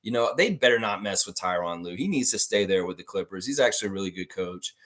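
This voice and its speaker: A man's voice: low voice, lively intonation, fast, fairly bright tone. A man hosting a casual fan livestream, ranting freely and swearing as he talks. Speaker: basketball livestream host.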